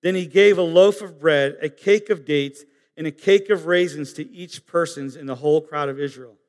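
A man preaching a sermon, earnest and halting, swinging from emphatic high peaks down to soft low asides. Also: in a large hall. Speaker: pastor.

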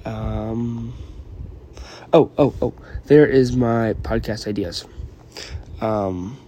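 A man's voice: lowish voice, drawn-out words, dark tone. Rambling young man with a cold. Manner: meandering, apologetic, lots of ums. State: has a cold, yawning. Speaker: vlogger and podcaster. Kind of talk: casual rambling chat.

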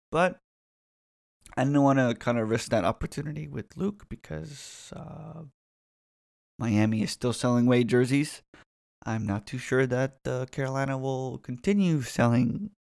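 Gravelly, profane young man rambling. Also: medium pitch, a little mellow, no echo, studio quality. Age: 20s. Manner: rambling, profane, restarts often. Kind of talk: casual solo rant.

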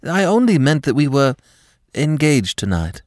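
A man voicing a nervous young newlywed woman who speaks in a high, hesitant, breathless way in a read-aloud story. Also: very animated, a little slow, darkish tone, dry recording, clean studio sound. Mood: strained.

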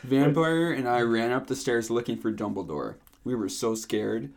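A man's voice: mid-range voice, moderate pace, vocal fry, darkish tone. A young man co-hosting a casual podcast, reading fan fiction aloud in a dry, matter-of-fact way. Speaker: podcast co-host.

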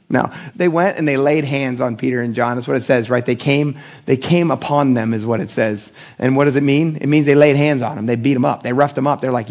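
Gravelly-voiced animated male preacher. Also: medium pitch, a little fast. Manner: conversational and animated, acting out quoted voices. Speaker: pastor. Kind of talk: sermon.

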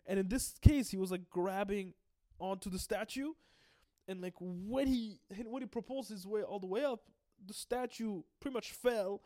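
Excitable high-voiced man recapping anime. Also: normal speed, dry recording, studio quality. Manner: excitable, profane, laughs often; rambling with many restarts and fillers. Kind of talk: casual anime episode recap.

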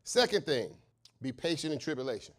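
A man preaching a sermon, impassioned and shouting at the peaks, asking questions and answering them himself, and telling stories with acted voices. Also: mid-range voice, very animated, a little fast. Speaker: pastor.

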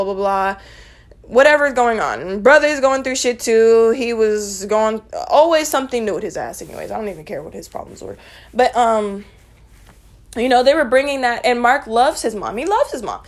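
A young woman telling a storytime vlog in a rambling, profane, conversational way, full of dismissive asides. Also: medium pitch. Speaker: vlogger.

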